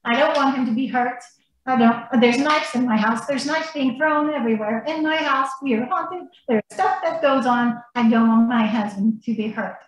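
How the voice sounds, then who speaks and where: A woman on a podcast telling a story in an animated, blunt manner and swearing freely. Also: a little high, normal speed. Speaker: podcast guest. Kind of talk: casual storytelling. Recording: very echoey room, faint noise.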